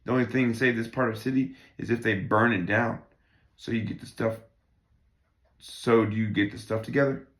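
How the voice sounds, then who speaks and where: A man's voice: lowish voice, fairly even intonation, brisk, a little hiss or hum, lightly acted. A man cold-reading a play, playing a crude, belligerent working-class man who rambles and swears constantly. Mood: scornful. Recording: roomy echo.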